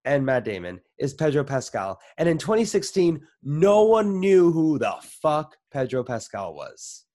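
A man's voice: a little high, sing-song, unhurried, warm tone. A man chatting casually about a film, joking around and cutting in on his co-host. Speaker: podcast co-host. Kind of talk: casual movie review chat.

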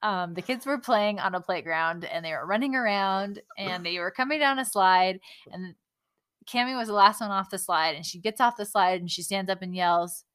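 A woman's voice: mid-range voice, moderate pace, a bit bright, clean tone, dry recording. Laughing woman from California, dry recording. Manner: laughs often, easygoing. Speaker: podcast co-host. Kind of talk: casual chat.

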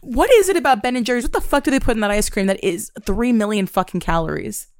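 A woman's voice: fairly high pitch, lively intonation, fast talker, no room sound, clean studio sound. A young woman co-hosting a podcast in casual chat, blunt and swearing freely with comic exaggeration. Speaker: podcast co-host.

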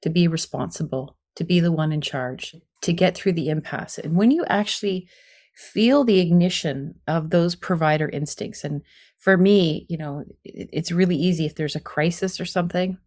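A woman's voice: on the low side, moderate pace, darkish tone. A middle-aged woman speaking as a parenting expert in an interview, earnest and explanatory, with frequent fillers. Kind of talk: conversational interview.

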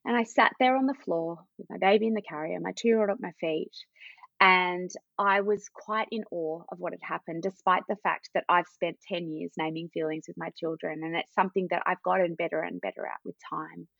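A woman's voice: lowish voice, fairly even intonation, fairly quick, gravelly, no echo. A woman in her thirties with an Australian accent, a parent educator telling a personal story in an interview. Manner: warm anecdotal storytelling, acts out quoted dialogue. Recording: dull, slightly lo-fi dry sound.

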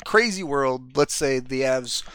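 A man co-hosting a sports podcast, chatting casually with quick agreements and playful asides. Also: medium pitch, lively intonation, a bit bright, smooth, no room sound. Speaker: podcast co-host.

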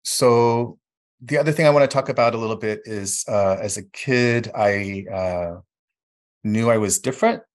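A man telling his life story reflectively, halting often with fillers. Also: on the low side. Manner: reflective, halting with fillers, acts out quoted voices. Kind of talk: personal storytelling.

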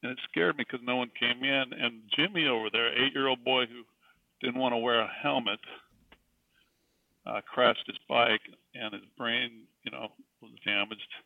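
A man's voice: medium pitch, fairly even intonation, normal speed, vocal fry, no room sound. A middle-aged man, a guest telling a personal faith story in an earnest, emphatic way. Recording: distant, tinny phone-like sound.

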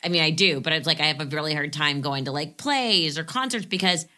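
A woman with a very low voice hosts a casual podcast chat. Her tone is bright and forceful, and she talks in a relaxed, chatty way, full of filler words. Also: a little fast. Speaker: podcast host.

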